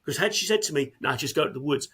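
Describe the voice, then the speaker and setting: Man, emergency-service guest, slightly high husky voice, halting candid talk with frequent restarts. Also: animated, a bit bright. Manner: earnest, halting, repeats words often. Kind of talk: candid conversational interview.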